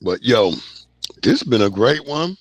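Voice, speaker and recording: A man's voice: medium pitch, very animated, takes it slowly, slightly rough, dry recording. Slangy man hosting a casual livestream. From New York (Long Island). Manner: loose, slangy, reacting to chat comments. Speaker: livestream host.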